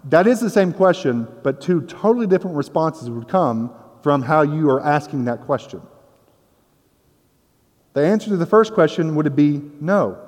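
Man, conversational sermon, casual explaining, fairly high voice, long hall reverb. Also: darkish tone. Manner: casual, explanatory, with playful asides. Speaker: preacher.

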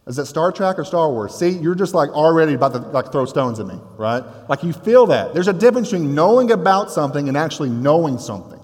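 A man delivers a sermon in an easy, conversational manner, mixing scripture with casual asides. His voice sits slightly high for a man. A long reverb trails each phrase. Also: very animated, quick pace, few pauses, a little mellow. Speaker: pastor.

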